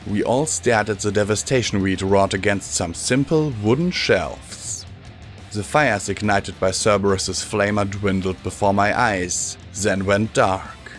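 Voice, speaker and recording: With faint music playing in the background, a man with a low voice reads a fan-fiction audiobook at a calm, measured pace.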